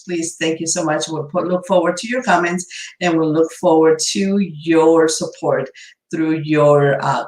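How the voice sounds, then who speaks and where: An upbeat woman hosting a radio show and podcast. She is effusive, peppers her talk with fillers and often restarts her sentences. The recording sits in a noticeably echoey room. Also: deep voice.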